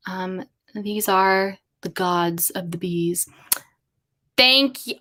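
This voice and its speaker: Excitable woman brainstorming aloud. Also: medium pitch, very slow, pauses often. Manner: musing, excitable, thinking aloud. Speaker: streamer. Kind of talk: casual livestream brainstorming.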